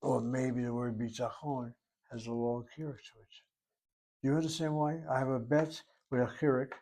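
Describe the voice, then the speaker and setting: A man teaching a grammar class at a middle pitch. He moves through each rule step by step and repeats the key terms so they stick. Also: level tone, normal speed, darkish tone. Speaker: Hebrew teacher. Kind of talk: grammar lesson.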